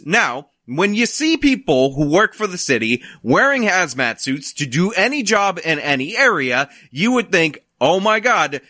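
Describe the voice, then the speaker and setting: Sarcastic guy ranting over news clips, voice all over the place, bright and sharp. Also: on the high side, no echo, clean studio sound. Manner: sarcastic, mocking, animated. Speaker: political commentator.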